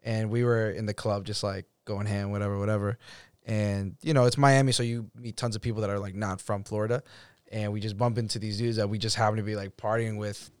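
A man's voice: lowish voice, level tone, a little fast, clear, resonant tone, no room sound. Slangy, easygoing male podcast host. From Boston. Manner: loose, slangy storytelling with frequent fillers. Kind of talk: casual interview chat.

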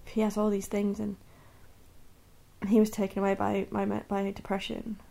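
Candid woman with a creaky voice. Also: medium pitch, completely flat delivery, moderate pace. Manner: candid and earnest, many restarts and soft laughs. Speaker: podcast host. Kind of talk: personal monologue.

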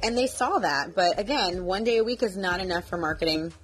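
Casual woman vlogger at home, chatty with fillers, emotional and close to tears, soft music behind. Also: lowish voice, animated, brisk, poor audio. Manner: emotional, close to tears while reading aloud; chatty, frequent fillers and restarts. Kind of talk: casual devotional vlog. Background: vacuum running in another room.

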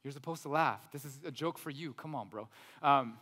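A man in his thirties preaching a sermon as pastor, animated, with joking asides to the congregation. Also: mid-range voice, normal speed. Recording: reverberant hall.

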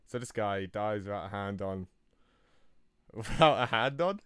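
A man telling an improvised comic story in a rambling, deadpan way, correcting himself as he goes. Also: fairly low pitch, slow, clean tone, dry recording, clean studio sound. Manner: rambling, deadpan, self-interrupting.

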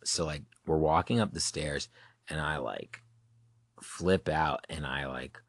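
A man's voice: extremely low pitch, slow, no room sound. A man, a music producer and songwriter as a guest, telling a rambling story in casual conversation, full of "like" and restarts, acting scenes out now and then. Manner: rambling, heavy use of "like", many restarts; animated, acts out scenes with loud yelling.

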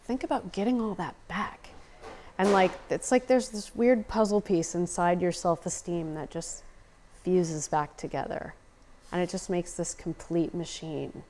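A woman's voice: on the low side, darkish tone, slight background noise. An American woman talking passionately as a podcast guest, swearing freely and saying "like" often. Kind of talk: casual conversation.

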